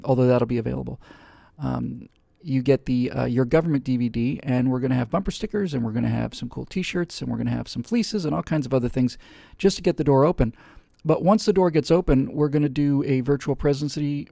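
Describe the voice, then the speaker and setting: A man with a dark, gravelly voice hosts a live webcast in a casual, rambling way. He restarts and fills pauses often. The sound is dry and close. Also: medium pitch, dry recording. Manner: rambling, many fillers and restarts. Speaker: host.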